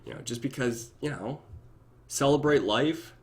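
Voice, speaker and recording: A young man hanging out on a casual live stream, talking straight to his viewers. His voice stays around a middle pitch but shoots up into squeaky, laughing bits when a joke gets him going. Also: a little slow. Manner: animated, laughing often, shifting into goofy high voices. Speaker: YouTube reactor.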